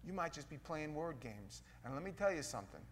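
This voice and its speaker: A middle-aged man, a pastor, preaching a sermon in a folksy, playful way that swings from loud to hushed. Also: a little high, very animated, a little fast.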